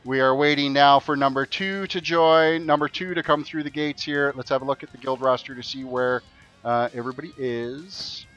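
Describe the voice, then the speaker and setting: A man's voice: mid-range voice, steady tone, moderate pace, a bit bright, dull audio, soft background music. A man streaming a game and hosting an in-game race event for his viewers. He chats casually and keeps repeating his instructions to the players. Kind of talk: casual live-stream commentary.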